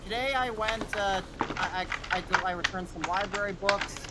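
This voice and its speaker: A young man with a slightly high voice speaks haltingly and distractedly, as if half his attention is on something else. Loud noise sits heavily behind him. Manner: halting, distracted, many fillers. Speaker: podcast co-host. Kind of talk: casual chat while gaming.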